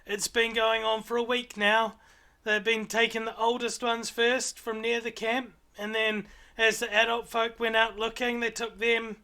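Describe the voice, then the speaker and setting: A man's voice: extremely high pitch, flat delivery, a little slow, pushed and bright, pitched above the performer's own voice, heavily acted. A man voicing a tiny, fluffy owlfolk child who earnestly and politely explains the trouble in a tabletop game.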